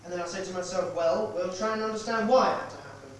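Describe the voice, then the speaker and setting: A man rehearsing a stage play as a stern police inspector, questioning in a measured, relentless way. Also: high-pitched, recorded from a distance, close to an everyday voice. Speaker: amateur stage actor. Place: rehearsal hall. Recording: echoey hall recorded from afar, noisy.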